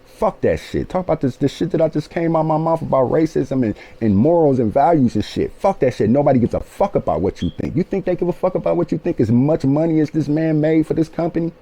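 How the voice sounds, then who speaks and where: A man's voice: a little high, expressive, fast, hardly any pauses, mellow, voice pushed up. A man voicing a dismissive male coworker who talks with cursing contempt. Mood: scornful.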